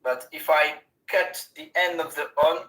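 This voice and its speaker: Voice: mid-range voice, steady tone, measured pace, a bit bright, far from the mic. A language learner in an online lesson, speaking hesitantly and searching for words. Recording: roomy echo.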